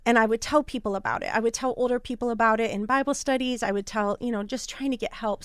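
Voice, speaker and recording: A woman's voice: fairly high pitch, fast talker, clean tone, dry recording, clean studio sound. Candid woman telling a personal story. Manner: candid, earnest and animated. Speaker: podcast host.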